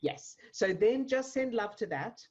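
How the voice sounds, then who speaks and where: A woman coach guiding a client in a one-to-one session, gentle and reassuring, asking questions. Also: a little high, expressive, a little slow, husky, lo-fi sound. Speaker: emotional fitness coach.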